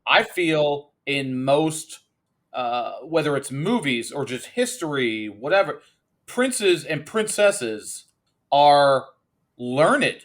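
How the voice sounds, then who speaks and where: A man in a casual movie review chat, speaking quickly with incredulous asides. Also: fairly high pitch, sing-song, a bit bright. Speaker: podcast co-host.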